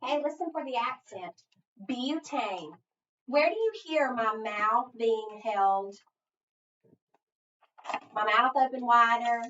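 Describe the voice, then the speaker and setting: Patient teacher spelling aloud in echoey room. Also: female voice, a little high, slow, pauses often, bright, forceful tone. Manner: patient, step-by-step, sounding out letters one by one. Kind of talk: phonics spelling lesson. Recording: echoey room, far from mic, dull lo-fi.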